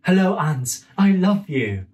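A young man voicing a small, sweet, affectionate little boy in a storybook reading, with a high, earnest, childlike voice. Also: very animated, takes it slowly, a little mellow, distant mic, full character voice. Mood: earnest, loving.

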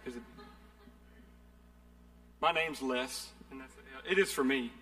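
A man's voice: medium pitch, slow pace, bright, forceful tone. A man preaching a sermon, earnest and conversational, often repeating phrases. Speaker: pastor. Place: church sanctuary. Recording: long hall reverb.

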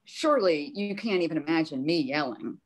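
A woman's voice: low voice, expressive, brisk. A woman co-hosting an art class, chatting casually with a dry, self-mocking humor. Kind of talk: casual chat.

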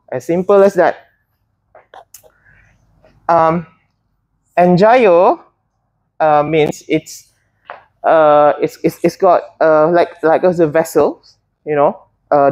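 A woman's voice: fairly low pitch, darkish tone. A woman teaching a botany class, often hesitating and putting questions to her students. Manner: hesitant, many fillers and restarts, asks students questions.

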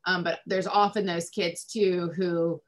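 A woman's voice: on the low side, flat delivery, unhurried. A woman family therapist explaining parenting in casual talk, with lots of "um" and "like". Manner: informal, many fillers like "um" and "like".

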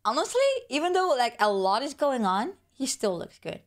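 A woman with a hoarse voice gushing excitedly as she reacts to a game trailer, with lots of exclamations and repeated outbursts. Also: a little high, moderate pace, hardly any pauses. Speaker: gaming reaction vlogger.

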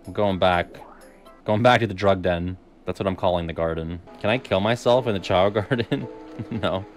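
A man's voice: low-pitched, normal speed, faint music behind. A man streaming video games, talking through the play in a casual, profane way and often laughing at himself. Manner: animated, profane, laughs often, self-deprecating. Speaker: game streamer. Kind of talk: casual gameplay commentary.

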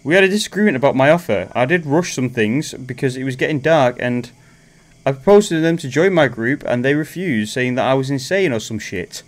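A man reading game dialogue aloud as a calm, menacing male cannibal survivor, in a low and measured delivery. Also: close to an everyday voice. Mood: cool menace.

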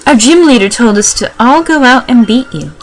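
A cocky game trainer picking a fight, put on by a woman reading the lines aloud, in a high voice that swoops up and down. The delivery is a sing-song, overdone reading of the game text. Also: lively intonation, normal speed, close to an everyday voice, rough recording. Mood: taunting.

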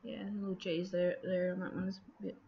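A woman's voice: lowish voice, brisk, vocal fry. A woman talks casually through her craft process in an easy, rambling way, full of ums and half-finished thoughts. The recording sounds a bit dull and lo-fi, with a faint hiss underneath. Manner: chatty, relaxed, many ums and trailing thoughts. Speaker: scrapbooking video host.

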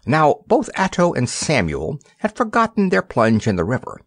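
A man reading a children's fantasy audiobook aloud in an expressive storytelling manner. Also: on the high side, normal speed, slightly rough, no room sound, studio quality. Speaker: narrator. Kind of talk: audiobook narration.

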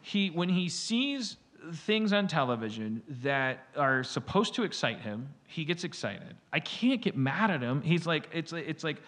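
Man, podcast host, rambling comic monologue, bright forceful voice, slightly high. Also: sing-song, a little slow. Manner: rambling, filler-heavy, acting out quotes.

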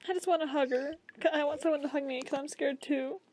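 A woman's voice: sits high, steady tone, a little fast, noisy background. A young woman playing a horror game with commentary, jumpy, exclamatory and talkative. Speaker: gamer.

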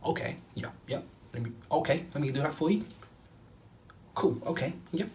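A man's voice: fairly high pitch, lively intonation, normal speed, darkish tone, slight background noise, pitched above the performer's own voice, lightly acted. A man putting on a pushy street hustler who keeps pressing a traveler for cash at a ticket machine. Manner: insistent, wheedling.

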